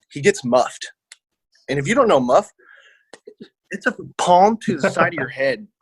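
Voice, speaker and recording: A man's voice: mid-range voice, no echo. Slangy man telling a bar-fight story. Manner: rambling, slangy, acts out quotes. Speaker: podcast co-host. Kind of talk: casual storytelling.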